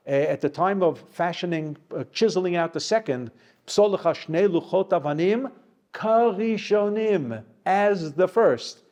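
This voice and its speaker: A man with a somewhat high voice leads a Torah lesson, wandering through asides and Hebrew quotations. He stretches out key phrases for emphasis, then picks the pace back up in an easy conversational way. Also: darkish tone. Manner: digressive, sprinkled with Hebrew quotes, slows to stress key words. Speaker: rabbi teaching a Torah class. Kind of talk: Torah lecture.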